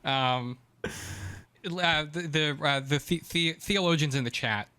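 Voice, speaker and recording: A man's voice: fairly high pitch, unhurried, sharp tone, smooth. A man co-hosting a podcast in casual chat, chatty and profane with frequent ums. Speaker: podcast co-host.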